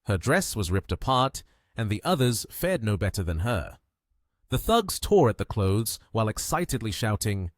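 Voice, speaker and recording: A man narrating a story recap with steady, expressive storytelling. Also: on the low side, moderate pace, no room sound, studio quality.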